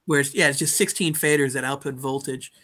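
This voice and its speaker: Bright-voiced man explaining modular gear. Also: mid-range voice, fairly even intonation, brisk. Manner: explains gear with many restarts and fillers. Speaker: co-host. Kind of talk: casual chat.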